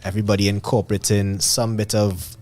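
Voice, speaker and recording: Brief: male Trinidadian radio host, low voice, relaxed slangy links between tracks. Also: brisk. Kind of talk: live radio chat.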